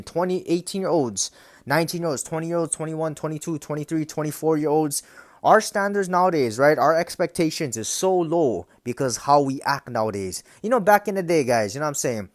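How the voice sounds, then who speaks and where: A man's voice: a little high, lively intonation, fairly quick, no room sound, clean studio sound. A young man ranting casually to his viewers, swearing often and checking in with "right?" and "bro". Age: young adult. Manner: profane, repetitive, keeps asking "right?". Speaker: vlogger. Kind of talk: casual rant to camera.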